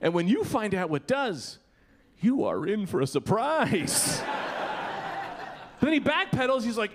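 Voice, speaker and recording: A man's voice: high-pitched, wildly swooping pitch, measured pace, long pauses. A man performing a loose, rowdy stand-up comedy set in a comedy club, acting out quotes. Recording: comedy club with loud crowd laughter.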